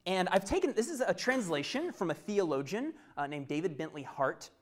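Chatty pastor preaching. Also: male voice, high-pitched, a little fast. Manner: chatty, animated storytelling with asides. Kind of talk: sermon.

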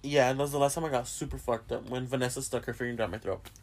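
A man's voice: medium pitch, fairly even intonation, fast. A young man hosting a podcast in casual chat, rambling and swearing a lot and often laughing. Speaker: podcast host.

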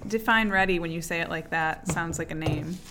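A woman's voice: lowish voice, fairly quick, background noise. A woman co-hosting a casual chat, playful and joking.

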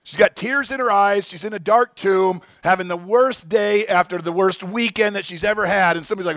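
A man's voice: sits high, normal speed, fairly bright tone, no echo, studio quality. A man preaching a sermon as pastor, emphatic, often restarting his words.

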